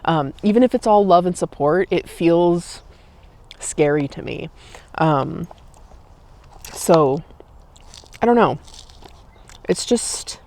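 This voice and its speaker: Outdoors in a park, a vlogger and streamer in her late twenties chats casually while snacking, her speech loose and packed with "like" and "um." Her lowish, slightly mellow voice is animated yet slow and creaky, with long pauses.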